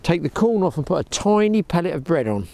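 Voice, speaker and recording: A man's voice: fairly high pitch, big pitch swings, brisk, darkish tone. A middle-aged man chatting to viewers while fishing at a windy lakeside, wearing a clip-on mic. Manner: chatty, talks to viewers as "people" and "boys". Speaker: fishing vlogger. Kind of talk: casual commentary to camera. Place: outdoors at a lake bank, windy. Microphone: clip-on mic with lead.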